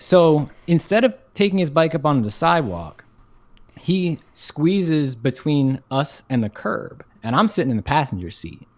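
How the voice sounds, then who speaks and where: Animated young man telling stories. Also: on the high side, normal speed, dry recording. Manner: animated storyteller, swears, laughs often. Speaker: podcast co-host. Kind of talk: casual chat.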